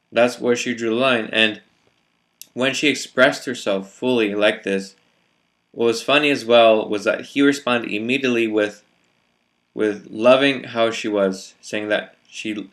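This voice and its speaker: A man talks through his thoughts in a relaxed vlog, his voice sitting a little low. He hesitates often and restarts his sentences, filling the gaps with "you know" and "let's say". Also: measured pace. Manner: hesitant, many fillers and restarts. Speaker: vlogger. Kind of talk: reflective casual monologue.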